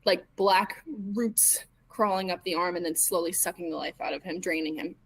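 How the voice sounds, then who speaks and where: A woman, a tabletop role-playing player, retelling events in character in a halting way, with plenty of stammers, fillers and restarts. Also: on the low side, steady tone, breathy edge, rough recording.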